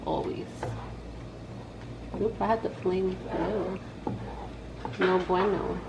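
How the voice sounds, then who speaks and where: A woman's voice: lowish voice, fairly even intonation, slow pace, vocal fry, muffled recording. A woman hosting a casual cooking vlog from her home kitchen, chatty and slangy, talking straight to her viewers. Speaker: home cook host. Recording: echoey room with background noise.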